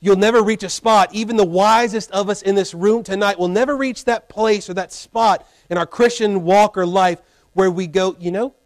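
A man preaching a sermon from a church pulpit, animated and repeating phrases for emphasis. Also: high-pitched, moderate pace, no room sound.

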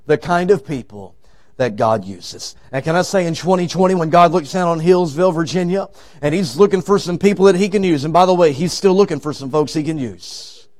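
Man, high-pitched evangelist, revival sermon, dramatic volume swings, voices the story characters. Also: quick pace. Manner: swings from loud shouting to hushed low tones. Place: church sanctuary.

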